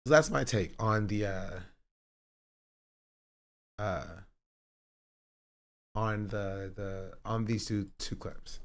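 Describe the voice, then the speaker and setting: A man with a lowish, slightly bright voice streams live while reacting to clips. His commentary is blunt and profane, swinging from measured to fired up.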